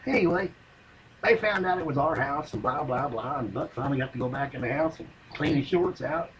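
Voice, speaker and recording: A man's voice: mid-range voice, a little fast, fairly bright tone, a little hiss or hum, rough recording. A man telling a rambling, profane comic yarn in folksy, drawling speech. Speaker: comedian telling a story. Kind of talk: stand-up comedy monologue.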